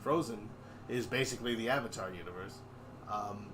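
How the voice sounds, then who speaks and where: A man's voice: on the low side, fairly quick, fairly bright tone. A young man chatting casually on a live stream, joking around and drifting into mock voices. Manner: jokey, breaks into silly sung bits and mock voices. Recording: music playing behind the voice.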